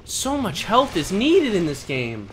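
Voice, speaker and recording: A young man giving let's play commentary, excitable and panicky, swearing and trash-talking the enemies as he plays. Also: high voice, unhurried, a little hiss or hum. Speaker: gaming commentator.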